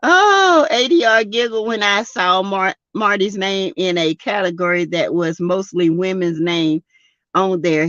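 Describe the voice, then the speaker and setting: A woman's voice: mid-range voice, dry recording, highs cut off. A Southern US woman hosting a casual livestream, reading viewer comments aloud and laughing often. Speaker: livestream host reading chat. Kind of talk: casual live chat.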